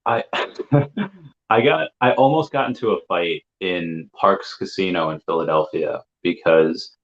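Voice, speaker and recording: A man with a very deep voice hosts a casual podcast, talking in a relaxed, loose way. The audio is a little dull. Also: measured pace. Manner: relaxed, laughing, loose chatty phrasing. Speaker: podcast host.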